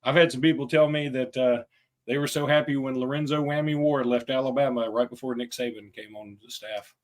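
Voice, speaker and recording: A man hosting a podcast, chatting casually about college sports and telling lively stories. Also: mid-range voice, brisk. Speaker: podcast host.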